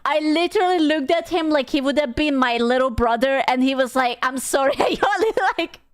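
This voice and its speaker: A woman streamer chatting casually and reading comments, swearing freely and reacting with loud laughs and mock outrage. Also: high-pitched, steady tone, a little fast, no room sound, clean studio sound.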